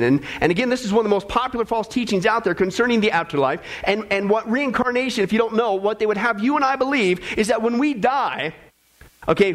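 A man preaching a sermon to a congregation, emphatic and direct, with joking asides to the crowd. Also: high-pitched. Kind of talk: sermon with audience.

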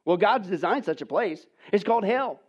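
A man preaching a sermon, swinging between hushed, near-whispered lines and loud, emphatic ones, and asking the audience rhetorical questions. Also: high-pitched, lively intonation, moderate pace. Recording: dull lo-fi recording.

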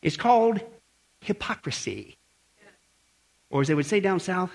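Male pastor, lively swooping delivery, bright tone, sermon with rhetorical questions. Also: sits high, brisk, breathy edge. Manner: animated preaching, rhetorical questions to the congregation.

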